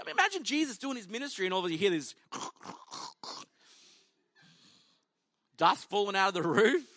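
A man's voice: extremely high pitch, sharp tone, no room sound. A male pastor preaching a sermon in a conversational, humorous way, acting out the people in the story as he tells it.

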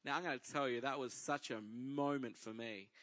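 An Australian man preaches with a bright, ringing voice. He tells a personal story in a lively way and voices the people in it as he goes. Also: mid-range voice, normal speed. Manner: lively storyteller acting out dialogue. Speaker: pastor. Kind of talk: sermon storytelling.

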